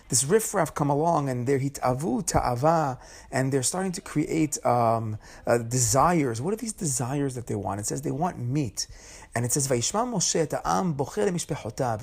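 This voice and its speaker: Guy teaching torah casually, gravelly voice, lots of restarts, mixes in hebrew words. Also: medium pitch, a little mellow. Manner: conversational storytelling, frequent restarts and Hebrew terms. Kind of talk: informal Torah class.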